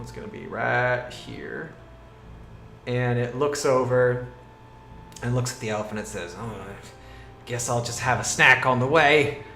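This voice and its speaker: A man running a tabletop game over a voice call as game master, narrating in an animated, goofy way with frequent exclamations. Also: medium pitch, gravelly, reverberant, slight background noise.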